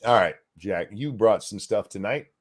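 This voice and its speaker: A man's voice: lowish voice, lively intonation, normal speed, husky. A man co-hosting a podcast, ranting in a heated, sarcastic, profane way. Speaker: podcast co-host. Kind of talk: casual podcast rant.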